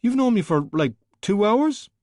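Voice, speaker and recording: A man's voice: high voice, sing-song, measured pace, a little mellow, no echo, studio quality, voice pushed up. A man voicing a nervous, insecure young man who sounds defensive and a little whiny.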